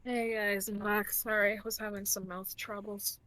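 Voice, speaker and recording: A woman's voice: medium pitch, level tone, moderate pace, pushed and bright, rough recording. A woman playing a tabletop game, chatting and joking with the group. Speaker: player. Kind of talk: casual tabletop game chat.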